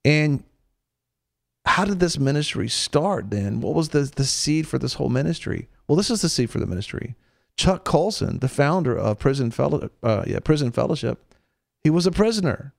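A man's voice: on the high side, moderate pace, vocal fry, dry recording, clean studio sound. A man with a Southern American accent hosting a faith talk show, chatting casually and acting out the quotes in his stories. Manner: animated storyteller, acts out quotes. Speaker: radio show host.

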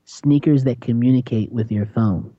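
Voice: mid-range voice, normal speed, no echo, phone-quality sound. A radio host in a casual, chatty monologue who tells stories and acts out quotes in a raised voice.

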